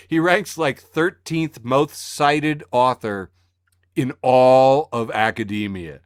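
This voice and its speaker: A man's voice: mid-range voice, slow, no echo. Sarcastic podcast guy, voice jumps all over, laughs a lot, dry close mic. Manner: sarcastic, laughs often, animated. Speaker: podcast co-host reading the news. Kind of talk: casual podcast chat. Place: home studio on a video call.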